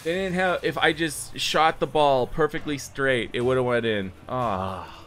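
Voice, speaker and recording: A young man chats through a gaming stream at an unhurried, drawn-out pace, rambling and poking fun at himself between sudden excited outbursts. His pitch sits in an ordinary middle range. Faint background noise hums under his close desk mic. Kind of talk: casual live gameplay commentary.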